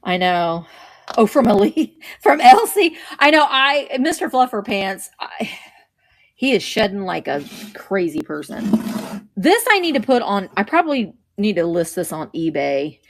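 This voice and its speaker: A woman's voice: medium pitch, big pitch swings, a little slow, a bit bright. Woman, middle-aged, casual live-stream chat, rambling, greets viewers, shows vintage finds. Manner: chatty, rambling, greets viewers while showing items.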